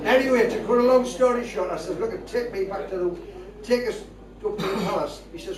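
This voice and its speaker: A man's voice: high voice, expressive, a little fast. An older man with a Geordie accent, telling rambling comic stories on stage. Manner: chatty, rambling tall tales with a broad northern lilt. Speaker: stand-up comedian. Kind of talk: live stand-up storytelling. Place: stage before a live audience. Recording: echoey, distant live stage recording with crowd laughter. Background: audience laughing.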